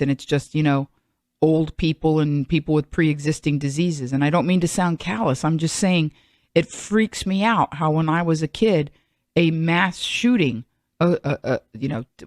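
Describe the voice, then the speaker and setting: A woman's voice: sits low, a little mellow, dry recording, clean studio sound. A middle-aged woman hosting a podcast, talking in a chatty, rambling monologue full of self-mocking asides. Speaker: podcast host. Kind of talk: solo comedic monologue.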